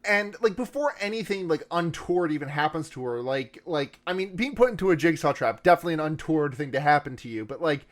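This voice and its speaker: A man's voice: a little high, animated, fast, hardly any pauses. Rambling casual male podcast co-host. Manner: rambling, lots of fillers and restarts, swears casually. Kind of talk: casual film-review chat.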